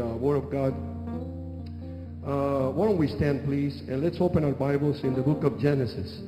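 A man preaching a church sermon as a bishop, with a halting delivery that repeats words and pauses on fillers. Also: mid-range voice, fairly even intonation, warm tone, soft background music. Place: church hall. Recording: echoey hall with long reverb.

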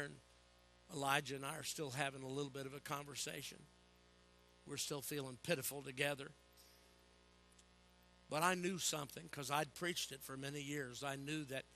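Preaching to his congregation, an older man tells animated, funny stories from his own life and calls out for an "Amen?" He speaks at a medium pitch.

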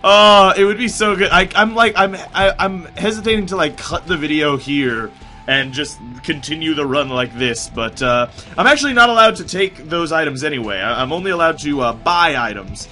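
Excitable man with a strained, sore voice. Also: fairly high pitch, normal speed, faint music behind. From United States. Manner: rambling, excitable, swears often. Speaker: gaming commentator. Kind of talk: casual let's play commentary.

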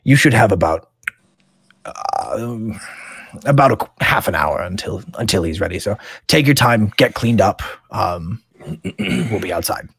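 A man voicing a stern male guard captain who speaks briskly. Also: lowish voice, lively intonation, vocal fry, a bit bright, husky, no echo, clean studio sound, heavily acted. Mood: brusque.

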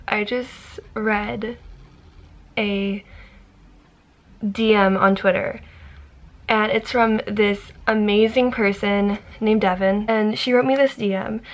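A young woman in her twenties talking casually to camera in her vlog, emotional and gushing, laughing between thanks. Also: mid-range voice. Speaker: vlogger.

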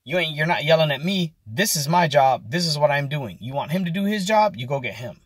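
A man voicing a stubborn male fry cook who flatly refuses the manager's request. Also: a little high, a little fast, no room sound. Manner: flat refusals, offhand.

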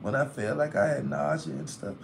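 A man chats on a phone live stream from a hospital room. He sounds tired, with a gravelly edge to his voice. He vents and complains freely while a faint hiss sits under the recording. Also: on the high side, a little fast. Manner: chatty, vents and complains loudly about hospital bills. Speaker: livestreamer reading comments. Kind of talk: casual live stream chat.

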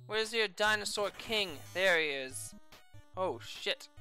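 A woman's voice: medium pitch, a little slow, bright, forceful tone, soft background music. A woman doing let's play commentary, exasperated, swearing freely, with yelps and laughs. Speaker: video game streamer.

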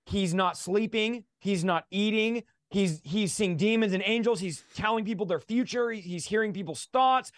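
A man's voice: sits high, moderate pace, few pauses, dry recording, clean studio sound. A man in his thirties, a guest in a livestream interview, telling his testimony with a passionate, preacher-like drive.

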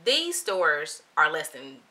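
A woman vlogger telling a shopping story in a lively, slangy, animated way. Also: low-pitched, slow pace. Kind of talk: storytime vlog.

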